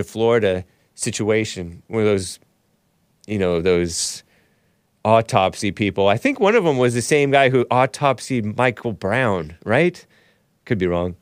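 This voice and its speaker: A man hosting a casual live-stream talk show, rambling and joking, laughing often and jumping into a high voice at times. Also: dry recording, clean studio sound. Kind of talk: casual live-stream chat reading viewer messages.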